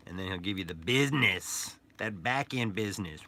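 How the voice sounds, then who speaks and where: A man's voice: low-pitched, normal speed, bright, forceful tone, slight background noise. A man chatting casually and playfully in a vlog about painting and making toys. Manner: rambling, playful, joking aside. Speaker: toy artist and painter.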